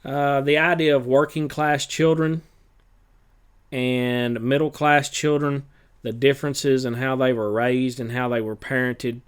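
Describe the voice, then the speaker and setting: A male teacher running a test review, talking in a plain, matter-of-fact way with frequent pauses and fillers. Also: medium pitch, flat delivery, smooth. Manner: halting, many filler pauses.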